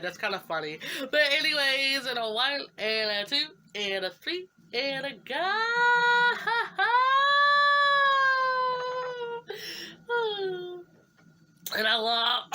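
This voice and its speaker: A young woman chatting through an unboxing, her voice bright and high and swinging widely in pitch. She talks slowly and gushes with slangy fillers, laughing and squealing often. Faint room noise sits behind her. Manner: giddy, gushing, laughs and squeals a lot; slangy, lots of fillers like "like" and "you know". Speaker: vlogger unboxing fan art. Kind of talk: casual unboxing chat.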